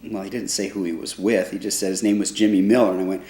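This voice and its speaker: A man in his sixties, a trombone player, recalling his past in a relaxed, rambling way with restarts, acting out other people's voices when he quotes them. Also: sits low, fast talker. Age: 60s. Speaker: trombone player recounting his band's start. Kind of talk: casual spoken storytelling. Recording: echoey room.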